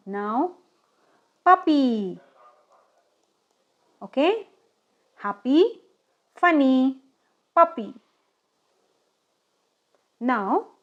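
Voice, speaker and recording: A woman teaching a children's phonics lesson, speaking slowly and deliberately and often checking in with "okay?". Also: high-pitched, highs cut off.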